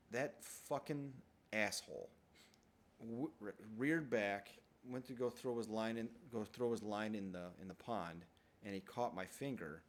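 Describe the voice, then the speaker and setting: A man in his thirties casually telling rambling, profane stories from his childhood in a self-deprecating way. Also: on the low side. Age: 30s. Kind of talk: casual storytelling monologue.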